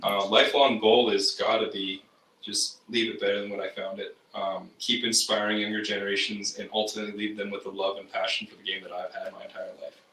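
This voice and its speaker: A man's voice: fairly low pitch, flat delivery, a little fast, pushed and bright, reverberant, recorded from a distance, rough recording. A man from Canada, a baseball player and teacher, answering interview questions earnestly and reflectively, with frequent ums.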